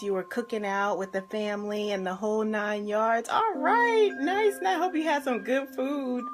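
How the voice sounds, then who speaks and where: A woman life and health coach on a live stream, bubbly and effusive, warmly greeting viewers by name and laughing often. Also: mid-range voice.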